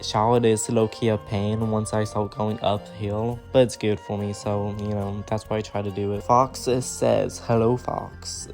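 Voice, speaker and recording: A man's voice: on the low side, level tone, measured pace, hardly any pauses, darkish tone, faint music behind. A young man who makes gaming videos, answering viewer questions in a rambling, slangy, laid-back way, sounding a bit tired. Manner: slumped posture, sounds tired. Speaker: gaming content creator. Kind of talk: casual Q&A chat.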